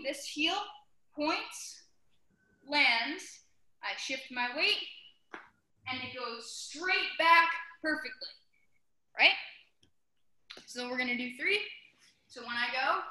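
A woman teaching a martial arts class in an echoey indoor training hall, her high, very bright voice bouncing off the walls. She takes her time, calling out short commands one by one and breaking into sharp yells to show the class how it is done. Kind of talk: coaching a class through drills.

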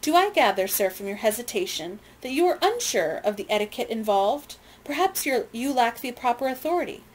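A haughty, imperious lady of a wealthy loyalist house, as a woman reading a novel aloud puts her on. She speaks crisply and with cold indignation, and her voice sits at an ordinary middle pitch. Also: lively intonation, a little fast, hardly any pauses, natural voice.

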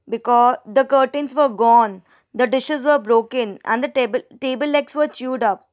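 A woman teacher reading a story aloud to students, stopping to explain words and ask them questions. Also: high-pitched. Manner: explains word meanings to students; asks the listeners questions.

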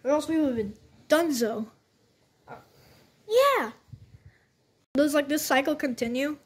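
A high-pitched woman voicing a whole cast of toys in playful role-play. She talks in a slow, unhurried rhythm, full of excitable outbursts and shooting noises. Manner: bouncy, excitable, frequent sound effects. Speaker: toy video creator voicing every character.

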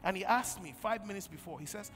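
High lively preacher in a big hall. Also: male voice, fast. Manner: preaching with call-and-response, swinging from loud bursts to quiet storytelling. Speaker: pastor. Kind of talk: sermon. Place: large church hall. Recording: long church hall reverb, faint music.

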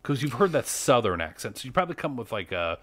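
A man's voice: medium pitch, sing-song, fast, fairly bright tone, dry recording. A man co-hosting a podcast in casual, rambling chat, often saying "like". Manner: chatty, rambling, heavy use of "like". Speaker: podcast co-host.

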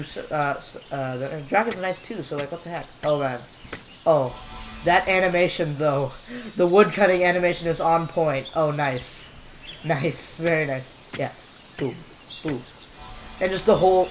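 Over slight background noise, a young gameplay commentator with a fairly high voice chats as he plays. He rambles, cracks jokes, and leans heavily on filler words.

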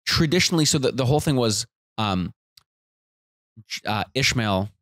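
A man's voice: mid-range voice, expressive, moderate pace, fairly bright tone, no room sound, studio quality. A young man, a rabbi, chatting as a podcast guest in casual, joking banter. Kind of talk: casual comedic chat.

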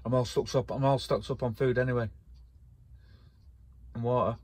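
A man rambles and rants straight to camera from inside his camper van. His voice is husky, and he swears freely as he gets worked up. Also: mid-range voice, fairly even intonation, moderate pace, a little mellow. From North West England. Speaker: vlogger. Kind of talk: casual ranting vlog.

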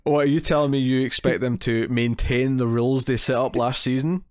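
A man's voice: medium pitch, fairly even intonation, a little fast, no room sound, clean studio sound. A man hosting a casual comics TV podcast, rambling and correcting himself, often laughing. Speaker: podcast host.

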